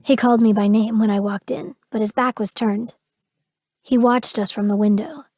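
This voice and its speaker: Woman doing brooding protective young man, hushed, grave, audiobook, dry close mic. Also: fairly high pitch, normal speed, dry recording.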